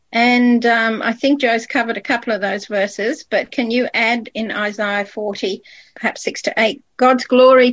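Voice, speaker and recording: Woman, Bible study leader, higher voice, dry close sound, guides and questions the panel. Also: no echo, low-quality recording. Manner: guiding, asks the panel questions. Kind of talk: group Bible study discussion.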